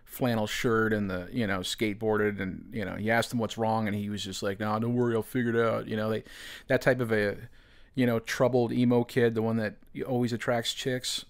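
Rambling storytelling man, lowish voice. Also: vocal fry. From United States. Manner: rambling, heavy use of "you know" and "man". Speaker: podcast host. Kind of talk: casual storytelling.

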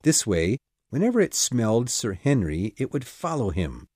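A man voicing an urgent, commanding middle-aged male detective in an audiobook, with brisk exclamations and reasoning. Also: medium pitch, sing-song, darkish tone, slightly rough, no room sound, clean studio sound. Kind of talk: audiobook character reading.

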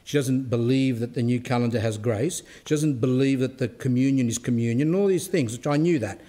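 A man, an Orthodox cleric, giving a spiritual talk that mixes a personal story with rhetorical questions and turns animated as the story goes on. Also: brisk. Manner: grows animated and high when telling the story.

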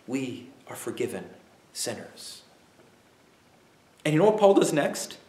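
A man preaching a sermon as pastor, emphatic, with dramatic pauses and acted-out asides. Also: mid-range voice, big pitch swings, warm tone, reverberant, slight background noise.

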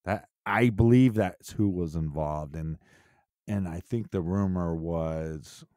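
A man with a very low voice chatting casually on a podcast, crude and jokey. The sound is dry and close. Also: slow, no echo. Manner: crude, joking, bursts into mock yelling. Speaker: podcast co-host. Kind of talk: casual chat.

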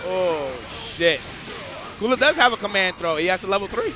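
A man doing live commentary on a fighting game match, excitable and swearing freely, breaking into shouts. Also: high voice, moderate pace, music in the background.

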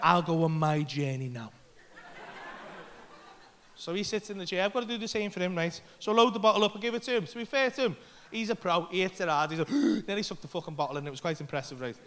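A man's voice: sits high, fast talker, a bit bright, some chatter behind, a little hiss or hum. A man doing stand-up in a comedy club, telling a rambling story with lots of swearing and acting out his own panic. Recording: live club recording. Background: audience laughter.

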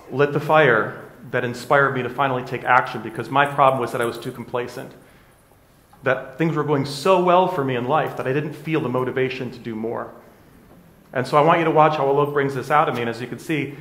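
A man's voice: medium pitch, brisk, fairly bright tone. A middle-aged man, a hypnotherapist, giving a candid, conversational motivational talk and often checking in with his listeners. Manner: candid, conversational, with frequent tag questions. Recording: echoey room.

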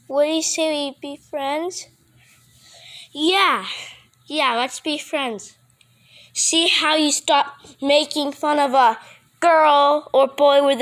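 A high, bright female voice acts out a homemade comedy skit, hopping between playful character voices. She delivers her lines slowly and draws each one out, even when the character is excited. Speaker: skit performer playing several characters.

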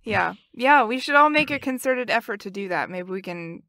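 Bright, chatty woman podcast host. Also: a little high, expressive, moderate pace, no echo, studio quality. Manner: chatty, laughs often, upbeat. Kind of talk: casual chat.

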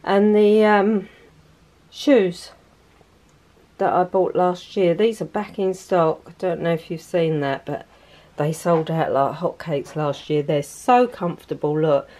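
A woman in her sixties chatting casually on her lifestyle vlog, soft-spoken and heartfelt. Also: fairly low pitch, slow, rough recording. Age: 60s. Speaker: lifestyle vlogger.

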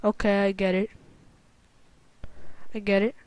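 A woman giving casual let's-play commentary, excitable and quick to exclaim or groan at her own mistakes. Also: mid-range voice, clean tone, no echo. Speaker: gameplay commentator.

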